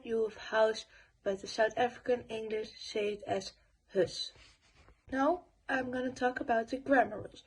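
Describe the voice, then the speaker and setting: A young woman giving a school presentation voice-over, reading her notes with pauses and fillers. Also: a little high, husky, poor audio. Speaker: student presenter.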